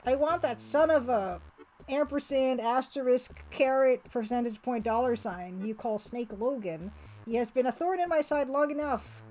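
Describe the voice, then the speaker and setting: A woman reading out a raspy, evil male villain's threats from a retro game. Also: sits high, moderate pace, a little mellow, lightly acted, low-quality recording. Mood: menacing. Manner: menacing, reading out game text.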